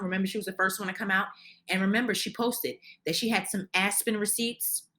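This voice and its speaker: A woman's voice: medium pitch, sharp tone. A woman giving an opinionated recap of a reality show, ranting heatedly and indignantly, often restarting her sentences. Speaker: reality TV commentator.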